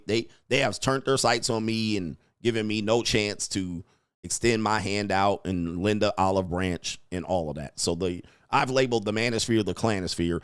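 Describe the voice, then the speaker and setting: A man's voice: lowish voice, clean tone, no room sound, studio quality. Joking, profane male show host. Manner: joking, laughs at his own lines, keeps saying "all right". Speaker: commentary show host and dating coach. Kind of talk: casual profane commentary.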